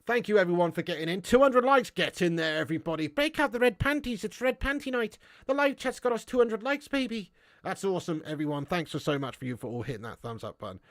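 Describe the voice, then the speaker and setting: A man's voice: a little high, no echo, studio quality. A man hosting a live stream, reading viewer comments and ranting bluntly with lots of swearing. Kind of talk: casual live-stream chat.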